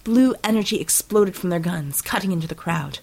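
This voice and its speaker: A woman narrates an action audiobook with steady, dramatic pacing. Her low voice carries a gravelly rasp and a husky, breathy grain. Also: fairly quick, poor audio.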